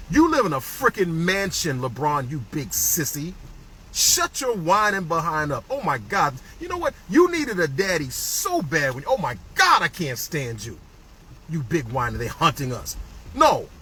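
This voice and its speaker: A man hosting a heated talk from his car, ranting and swinging between loud jabs and muttered asides. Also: on the high side, low-quality recording. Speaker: executive director hosting a ride-along talk. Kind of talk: heated monologue recorded while driving. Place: inside a car. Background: faint vehicle noise.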